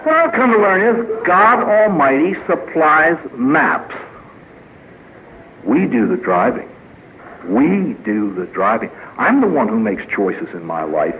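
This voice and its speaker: Speaking to a live audience in a meeting hall, this man is a priest delivering a funny speaker-meeting talk at a recovery gathering. He has a mid-range voice and a folksy, storytelling style full of jokes and acted quotes. The audio is narrow and tinny with slight background noise.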